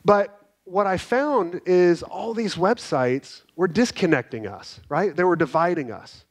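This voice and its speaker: Speaking in a high-pitched voice at a slightly slow pace, a middle-aged man gives an energetic keynote to a live crowd in a conference hall. His storytelling is animated, and he often checks in with the audience by asking "right?"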